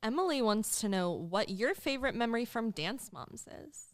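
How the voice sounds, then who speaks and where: A woman's voice: a little high, expressive, moderate pace, dry recording. A woman interviewer reading out fan questions and giving short, affirming replies. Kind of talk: casual interview.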